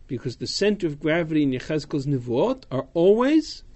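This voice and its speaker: This teacher's voice sits on the high side, a little mellow, with big pitch swings and a brisk pace. He's running a text-study class, reading, translating and explaining verses while casually responding to students' questions.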